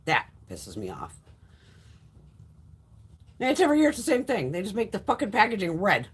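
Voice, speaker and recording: Blunt, foul-mouthed husky woman. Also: mid-range voice, wildly swooping pitch, normal speed. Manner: blunt and heavily profane, candid opinions; chatty, rambling with frequent restarts. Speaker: beauty livestream host. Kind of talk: casual livestream chat, reading viewer comments.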